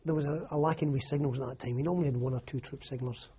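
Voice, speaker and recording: An older Scottish army veteran recalls his service in an oral history interview, rambling through anecdotes with restarts and plenty of "you know." His mid-range voice is steady, mellow, and racing, on a muffled lo-fi recording with a little hiss or hum.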